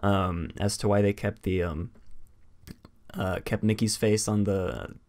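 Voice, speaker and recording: Young male podcast co-host, lowish voice, rambles with hiccups. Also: fairly even intonation, unhurried, darkish tone. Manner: rambling, many fillers and restarts. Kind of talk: casual chat.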